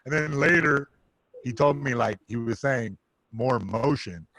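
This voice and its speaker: A man, a podcast guest, telling animated, joking fight stories in casual chat. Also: medium pitch, moderate pace, dry recording. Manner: loud, joking, animated storyteller.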